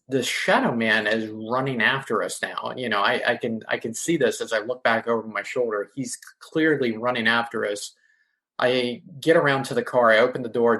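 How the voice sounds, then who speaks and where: A man who is a podcast guest, telling a vivid first-person story in a casual interview and filling pauses with "you know". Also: mid-range voice, a bit bright. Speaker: podcast guest, ghost tour guide.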